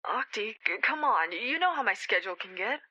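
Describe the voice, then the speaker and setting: A woman's voice: medium pitch, expressive, brisk, bright, forceful tone. A woman voicing a flaky young female pony DJ who stammers and trips over her words. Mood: guilty.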